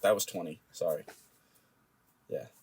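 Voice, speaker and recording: A man's voice: sits low, a little slow, vocal fry, a little hiss or hum. A young man co-hosting a podcast in casual chat, fidgety and self-conscious, often apologizing. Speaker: podcast co-host.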